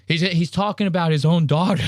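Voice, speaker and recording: A man's voice: on the high side, brisk, dry recording. Incredulous male podcast host, dry close mic. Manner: incredulous, rambling, quotes the chat and mimics people. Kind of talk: casual commentary reacting to clips.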